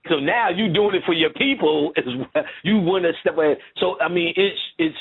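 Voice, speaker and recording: A man's voice: a little high, moderate pace, husky. A man lecturing in casual conversation, telling a rambling, profane story full of asides. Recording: tinny phone-like line.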